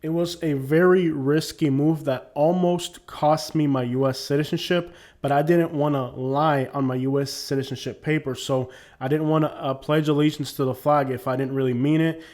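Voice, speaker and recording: Man, born in Cuba, emphatic commentary, a bit high-pitched, preachy, talks straight to his viewers. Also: steady tone, moderate pace, hardly any pauses, a little mellow. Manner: emphatic, preachy, reads a letter aloud in a formal tone. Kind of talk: casual commentary to camera.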